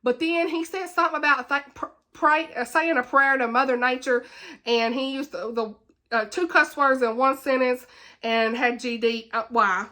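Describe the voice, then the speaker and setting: Bright-voiced, animated woman book vlogger. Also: sits high, moderate pace. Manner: animated, ranting, laughs often; chatty, with many fillers and repeats. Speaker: book reviewer, channel host. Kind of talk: casual book wrap-up chat.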